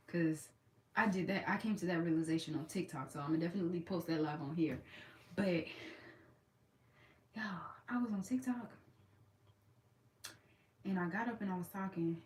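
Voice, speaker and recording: A woman vlogging casually from her bed, chatty and expressive, moving between loud projected talk and a soft, calm low voice. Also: roomy sound, distant mic, a little hiss or hum, rough recording. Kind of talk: casual chat to followers.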